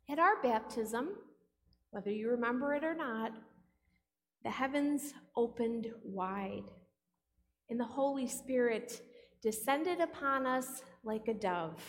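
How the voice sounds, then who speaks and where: A woman pastor preaches a sermon with a playful touch, stopping to ask her listeners questions. Her voice sits a little high, and she speaks slowly and deliberately. A long reverb trails behind her words in the church. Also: animated. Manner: playful, asks the congregation questions.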